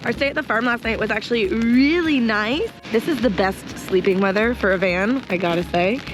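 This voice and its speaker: A woman's voice: on the high side, moderate pace, music in the background. A woman in her thirties chatting upbeat in a casual travel vlog from a camper van. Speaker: travel vlogger.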